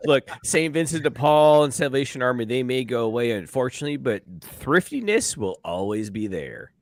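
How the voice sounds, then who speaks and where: A man co-hosting a casual podcast, animated and self-mocking, swearing casually. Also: mid-range voice, moderate pace, dry recording, studio quality. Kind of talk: casual chat.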